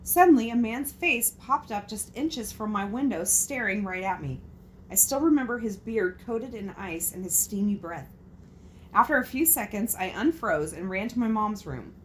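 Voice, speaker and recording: A woman reads listener stories aloud in a casual, expressive way, swearing freely and reacting as she goes. Her pitch sits in an ordinary middle range. A faint hum of room ambience runs behind her voice. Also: normal speed. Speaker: host reading out listener stories. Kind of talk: casual reading and chat.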